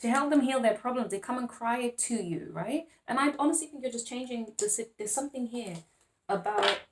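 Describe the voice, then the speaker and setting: Speaking a little high and fairly quickly, this female tarot reader rambles through a playful, casual monologue. She keeps restarting her sentences, laughs a lot, and showers viewers with endearments like babes and darling.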